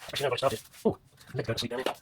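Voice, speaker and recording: A man's voice: medium pitch, little pitch movement, rapid-fire, noisy background. A man working on a motorcycle in his garage, muttering to himself and swearing as he talks viewers through the job. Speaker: motorcycle restoration vlogger. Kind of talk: casual workshop commentary. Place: home garage workshop.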